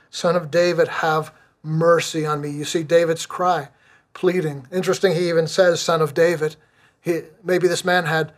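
A middle-aged man preaching with earnest conviction, his voice sitting a little on the higher side. He slows down and leans on repeated phrases to drive each point home. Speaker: pastor. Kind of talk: sermon.

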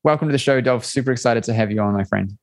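A man with a New Zealand accent hosting a podcast interview, speaking with energetic, list-like emphasis. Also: mid-range voice, fast talker, dry recording. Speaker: podcast host. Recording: faint music behind voice.

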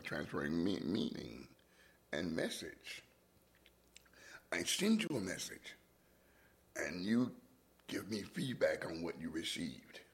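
A man's voice: extremely low pitch, creaky. A man hosting a reflective monologue, musing with restarts and sometimes dropping into a whisper. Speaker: podcast host.

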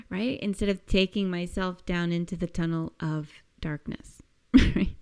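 A woman coaching listeners through a reflective self-help exercise, speaking gently and searchingly with frequent soft laughs. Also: fairly low pitch, steady tone, measured pace, smooth. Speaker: coach giving a weekly task.

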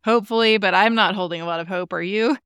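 Young female co-host, bright voice with vocal fry, laughs easily. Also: mid-range voice, fast talker, no echo, muffled recording. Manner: friendly, laughs often. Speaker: podcast co-host. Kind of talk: casual chat recapping a TV show.

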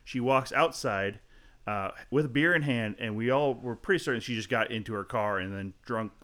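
A man spins a story from a gig gone wrong in a loose, casual podcast chat. His voice sits at a middling pitch. He acts out the other people in the story with quick changes of voice and swears freely along the way. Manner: animated, acts out quotes in shifting voices. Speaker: guest comedian.

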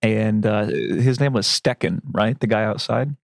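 A man's voice: fairly low pitch, measured pace, creaky, dry recording, studio quality. A man playing a tabletop game, thinking aloud in a casual way with fillers. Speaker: player.

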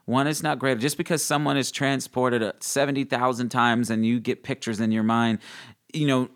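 A young man, the guest, giving an animated faith testimony in an interview; he acts out quoted lines in a high voice and laughs often. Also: moderate pace.

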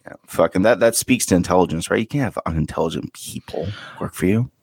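A man co-hosting a podcast, telling stories in a crude, joking, laid-back way on a loud close mic. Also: deep voice, fast, husky, no echo. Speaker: podcast co-host. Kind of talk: casual chat. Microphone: loud close microphone.

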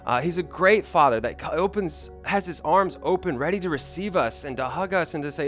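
Earnest young pastor preaching a sermon. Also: male voice, fairly high pitch, expressive, a little fast, hardly any pauses, fairly bright tone, faint music behind. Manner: earnest and personal, with frequent restarts.

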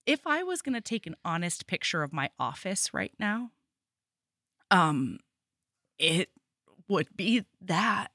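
A woman's voice: on the low side, slow, long pauses, no room sound, clean studio sound. A woman co-hosting a podcast, casually recapping a novel and acting out the characters' lines. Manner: animated, acts out characters' lines with laughs. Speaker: podcast co-host. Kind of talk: casual book recap chat.

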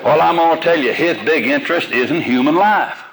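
A man's voice: on the high side, a little fast, noisy background. Older man preaching folksy sermon. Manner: folksy, homespun, with plain everyday examples. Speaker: pastor. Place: room with a congregation.

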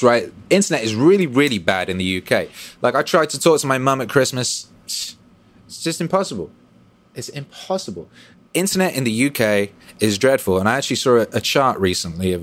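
A man hosting a casual livestream and reading chat aloud. He swears freely and swings between loud bursts and low mumbles. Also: animated, fairly quick.

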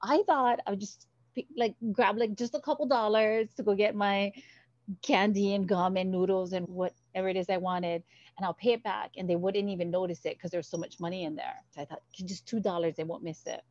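Animated woman telling stories. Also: mid-range voice, fairly quick, no room sound, dull audio. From Hawaii. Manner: animated, acts out the voices in her stories. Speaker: guest. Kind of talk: storytelling interview.

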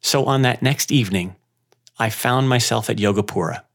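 A man who owns a yoga studio, telling a personal story in an unhurried, reflective way with dramatic pauses. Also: medium pitch, gravelly.

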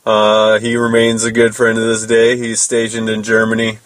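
A man's voice: on the low side, completely flat delivery, normal speed, fairly bright tone, low-quality recording. A man hosting a podcast, telling a loose, rambling story about his band and swearing casually. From United States. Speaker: podcast host and metal musician.

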